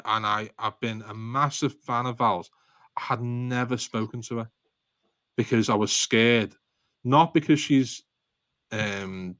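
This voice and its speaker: The speaker, a guest author from Liverpool, England, tells stories in his Scouse accent during a podcast interview, wandering off track, running himself down, and laughing often. His voice is medium in pitch with a fairly bright tone, and there's no echo.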